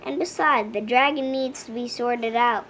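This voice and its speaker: A woman's voice: a little high, fairly bright tone, a little hiss or hum. A woman voicing a bold, blunt young princess. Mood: matter-of-fact. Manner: brisk and matter-of-fact.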